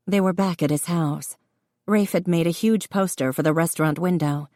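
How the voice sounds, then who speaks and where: Low-voiced woman reading an audiobook. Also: normal speed, a little mellow, dry recording, studio quality. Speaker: audiobook narrator. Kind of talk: scripted narration.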